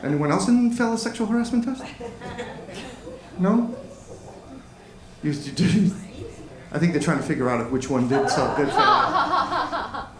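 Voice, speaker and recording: A man's voice: sits high, sing-song, measured pace, long pauses. A man doing a self-deprecating stand-up comedy set, chatting with the audience on a comedy club stage into a handheld mic. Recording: echoey club with crowd noise. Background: laughing audience.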